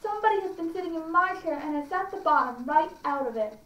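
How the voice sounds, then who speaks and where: A woman voicing a little wee boy bear in a storybook reading, in a raised, slightly shrill voice. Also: expressive, quick pace, fairly bright tone. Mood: upset. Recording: roomy, distant mic, faint ambience.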